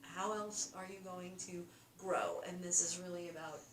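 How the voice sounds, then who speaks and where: Woman co-host, calm and reflective chat, recorded far from the mic in an echoey room. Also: lowish voice, a little hiss or hum. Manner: reflective, unhurried, encouraging. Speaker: podcast co-host. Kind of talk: casual spiritual chat. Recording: roomy, distant mic, faint ambience.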